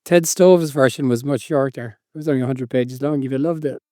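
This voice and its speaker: A man's voice: mid-range voice, brisk, warm tone, no echo, studio quality. A male podcast co-host in casual banter, sheepish and self-deprecating about his own mistakes.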